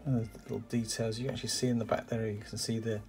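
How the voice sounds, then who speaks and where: Soft background music plays as a toy car collector quickly chats through unboxing a parcel of die-cast toy cars. His voice is on the low side and darkish with a flat delivery, yet he's enthusiastic and exclamatory, with lots of "uh" and "um."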